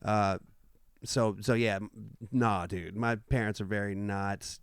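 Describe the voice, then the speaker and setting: A man's voice: on the low side, steady tone, a little slow, clean tone, no room sound, clean studio sound. A man appearing as a guest rapper on a podcast, talking in casual chat, emphatic and swearing a lot. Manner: emphatic, swears a lot, says "you know what I'm saying". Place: podcast studio.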